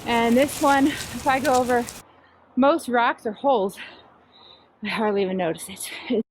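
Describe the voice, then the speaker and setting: A woman's voice: on the high side, normal speed. A woman chatting casually while reviewing her bike outdoors, laughing often and poking fun at herself. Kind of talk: casual chat while riding. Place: outdoors on trails and roads. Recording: noisy outdoor recording.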